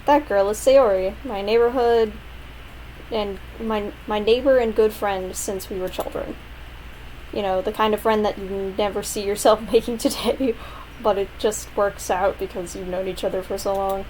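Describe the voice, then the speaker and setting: A woman reading the lines of a lazy, dismissive teenage schoolboy narrator from a game, in a flat, low-key tone. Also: normal speed, slight background noise, close to an everyday voice, low-quality recording. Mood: dry.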